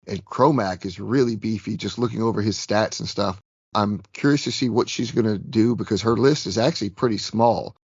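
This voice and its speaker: A man co-hosting a casual podcast about a tabletop game, chatty and self-deprecating, rambling a bit, slightly hoarse. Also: fairly low pitch, no room sound, muffled recording. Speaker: podcast co-host.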